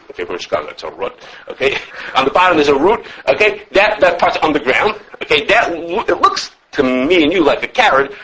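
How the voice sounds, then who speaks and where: A man giving a halacha class as a teacher, animated, often repeating words and checking with "okay?". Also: medium pitch, slightly rough, low-quality recording. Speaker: Torah teacher.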